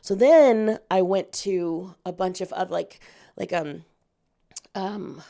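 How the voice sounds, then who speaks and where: A woman voice actress talking as a podcast guest, telling stories in an animated, expressive way with big swings in pitch. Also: slow, vocal fry. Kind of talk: casual podcast chat.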